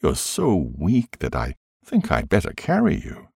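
Patient, gentle kindly man, read by a man, very low and soft. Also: huge pitch swings, unhurried, creaky, breathy edge, no room sound, studio quality, full character voice.

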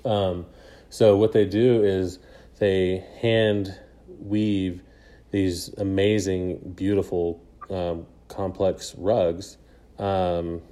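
A man's voice: low voice, warm tone. A young man casually telling a travel story on a podcast, rambling with lots of fillers and frequent laughs. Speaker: podcast co-host.

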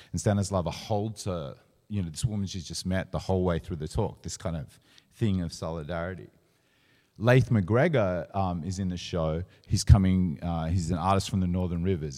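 Male curator, very low voice, rambling storyteller, echoing hall. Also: a little mellow. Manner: rambling, storytelling, many fillers. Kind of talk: public gallery talk. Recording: reverberant hall.

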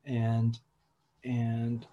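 A man preaching a sermon in a halting way, with repeated words and restarts, at times dropping to a hushed, slow voice for emphasis. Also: medium pitch, monotone, muffled recording. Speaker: pastor.

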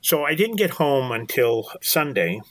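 A man's voice: mid-range voice, big pitch swings, a little slow, fairly bright tone, dry recording. An older man, telling a personal story earnestly as an interview guest, often repeating words as he goes. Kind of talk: storytelling in conversation.

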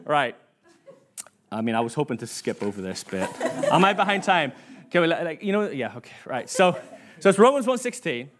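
A man's voice: on the high side, very animated, brisk, background noise. A man preaching a sermon in church, chatty and self-mocking, acting out quoted voices as he tells stories.

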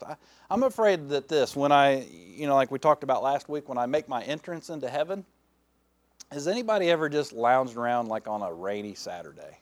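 A man preaching a folksy, lively sermon, with playful asides to the congregation. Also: mid-range voice, moderate pace, dry recording. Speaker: pastor. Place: church sanctuary.

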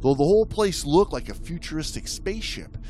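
A man hosting a comedy podcast, telling a story in an animated, laughing way. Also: a little high, brisk. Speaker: podcast co-host.

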